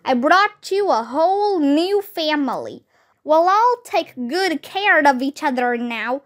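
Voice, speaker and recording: A woman voicing a frontier father who speaks gently and reassuringly, read slowly from a children's book. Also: sits high, animated, heavily acted.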